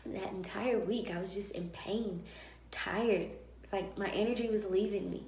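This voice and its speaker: A woman vlogger telling a personal story in a lively way and acting out the dialogue of others. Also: mid-range voice, normal speed, slight background noise. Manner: animated, acts out dialogue. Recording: roomy echo.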